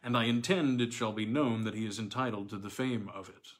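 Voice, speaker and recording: A man reading an older armourer who speaks in a gentle, measured, concerned way. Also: on the low side, fairly even intonation, natural voice.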